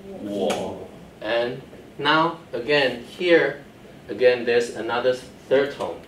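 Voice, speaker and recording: A man's voice: mid-range voice, slow, a bit bright. A man teaching a Chinese class, explaining the rules patiently step by step and checking whether students understand. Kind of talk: classroom lecture. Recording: echoey classroom from far off with faint noise.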